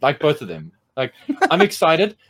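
A man co-hosting a podcast, chatting casually and excitedly with lots of fillers. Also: a little high, normal speed, husky. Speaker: podcast co-host. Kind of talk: casual chat.

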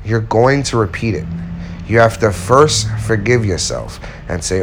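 Talking casually and candidly to his viewers, a man offers self-help advice and tells a personal story, acting out the quoted lines. His fairly low voice is expressive and measured, with background noise behind it.

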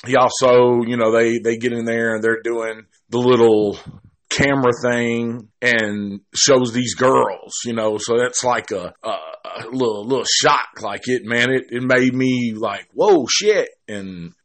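A man's voice: mid-range voice, steady tone, a little slow, fairly bright tone. A man giving a casual, rambling film review, cursing freely and restarting his sentences often. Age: adult. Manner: rambling and profane, with many restarts. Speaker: movie reviewer.

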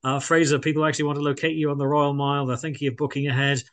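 A man's voice: a little high, little pitch movement, very fast. A man hosting a radio interview, effusive and full of fillers. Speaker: radio host.

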